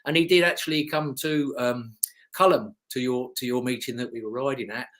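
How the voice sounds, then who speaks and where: A man's voice: medium pitch, fairly even intonation, brisk, a bit bright. A middle-aged man, a former motocross racer telling rambling, chatty stories as an interview guest. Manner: rambling, chatty, with restarts and chuckles. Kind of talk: casual anecdotal storytelling.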